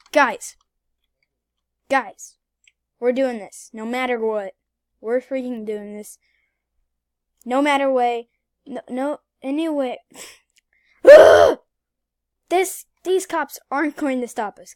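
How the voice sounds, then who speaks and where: A young woman talks over her gameplay in a high, bright voice, casual and excitable. She repeats herself when things get tense, slipping from near-whispers to loud shouts. The recording is close and dry, with no room sound. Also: no room sound. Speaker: gaming YouTuber.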